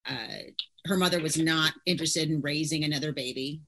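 Low-voiced woman podcast host. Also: steady tone, a bit bright. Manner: measured, thoughtful, with fillers. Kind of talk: casual podcast conversation.

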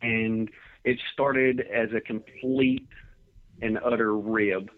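A man's voice: fairly low pitch, fairly even intonation, slow, dry recording. A man being interviewed as a professional wrestler, telling rambling, laid-back stories from his career over a phone line. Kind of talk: casual interview storytelling. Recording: tinny dry phone line.

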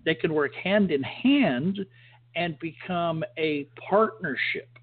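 A man's voice: fairly high pitch, takes it slowly. A man hosting a casual podcast chat, rambling and acting out the voices in his stories. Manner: rambling, acts out quoted voices. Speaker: podcast host. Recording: phone-like audio.

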